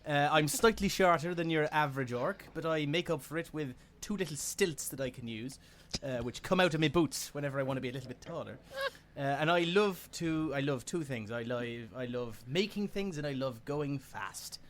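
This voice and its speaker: A man's voice: fairly high pitch, normal speed, a bit bright, a little hiss or hum. A man, a tabletop game player, introducing his character in a playful, self-mocking way. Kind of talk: casual tabletop role-play chat.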